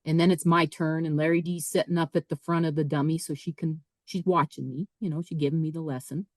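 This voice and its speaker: A woman, a podcast guest, telling a personal story in a lively way, often repeating and restarting her words. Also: low-pitched, quick pace, dry recording, poor audio. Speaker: podcast guest, author and speaker. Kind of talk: casual storytelling.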